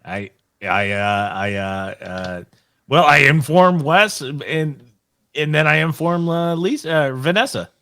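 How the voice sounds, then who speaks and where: A man playing in a tabletop role-playing game, chatting in an animated, joking way. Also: a little high, a little slow, creaky. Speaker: player. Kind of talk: tabletop role-play chat.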